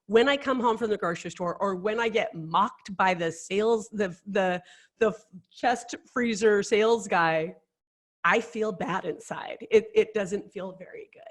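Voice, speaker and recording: A woman's voice: medium pitch, a little slow. A middle-aged woman, a life coach, telling candid stories in casual chat. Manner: animated storyteller, candid and chatty.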